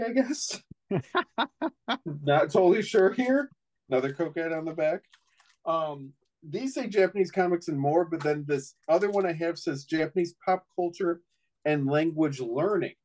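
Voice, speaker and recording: A man's voice: fairly high pitch, a little slow, a little mellow, rough recording. Rambling middle-aged man telling stories. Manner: rambling storyteller with many restarts. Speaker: co-host. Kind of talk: casual chat.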